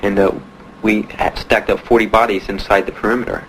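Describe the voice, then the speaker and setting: A young man, a veteran, telling his own story in plain, halting speech with many pauses. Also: on the low side, flat delivery, a bit bright, a little hiss or hum, rough recording. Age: young adult. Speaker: Vietnam veteran giving testimony. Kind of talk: personal testimony.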